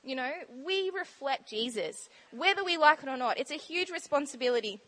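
A high-voiced woman gives a casual sermon talk in a church. She is bubbly and chatty and laughs often as she speaks. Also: lively intonation, a little fast, sharp tone. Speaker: church speaker sharing testimony.

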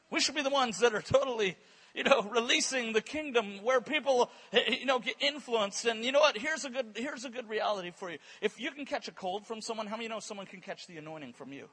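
A man preaching a sermon at a church conference service, telling stories in an animated way and repeating words in quick bursts. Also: extremely high pitch, slightly rough. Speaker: guest preacher. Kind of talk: sermon with storytelling.

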